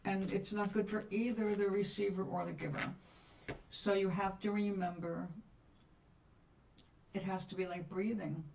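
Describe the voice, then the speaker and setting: Female live-stream host, calm and chatty, slow with pauses; slightly distant mic, faint background noise. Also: mid-range voice, gravelly. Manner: soothing, chatty and unhurried, with long pauses. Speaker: livestream host reading cards for viewers. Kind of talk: relaxed live chat with viewers.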